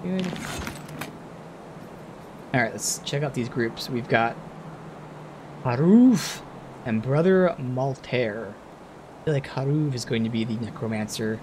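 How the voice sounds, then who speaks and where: A man streaming a game, commenting casually and thinking aloud with sudden bursts of excitement. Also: medium pitch, slow, pauses often, noisy background.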